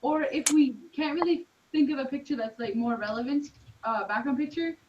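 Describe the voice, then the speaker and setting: A woman gives relaxed tips in a casual video call, often pausing with "um". Her voice sits a little high and well back from the mic. The call line is muffled, with faint hiss. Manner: relaxed, helpful explaining with "um". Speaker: team member helping a trainee. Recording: muffled, distant call audio with faint noise.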